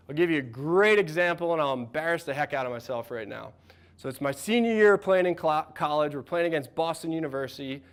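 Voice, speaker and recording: Man in his thirties, coach leading a workshop, upbeat and encouraging, slightly higher voice. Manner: energetic, encouraging, asks the room questions. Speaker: mental performance coach. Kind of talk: workshop talk to a live audience.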